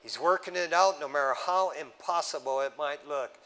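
A male pastor delivering a sermon with a slightly higher voice. He preaches in a relaxed, street-casual way and keeps calling his listeners "man." He rises into loud, urgent exhortation, then drops to low, hushed tones. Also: moderate pace, low-quality recording.

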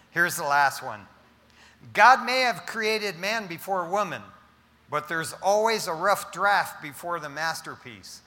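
A man's voice: high voice, expressive, slow, pauses often, bright, forceful tone, in a large hall. A male pastor preaching a sermon, telling jokes with playful asides to the congregation.

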